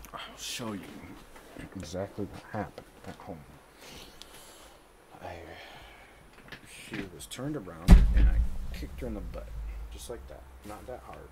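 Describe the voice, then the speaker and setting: A man's voice: deep voice, measured pace, pauses often, very noisy. A man talking to the camera in a casual monologue, agitated and repeating himself. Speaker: vlogger.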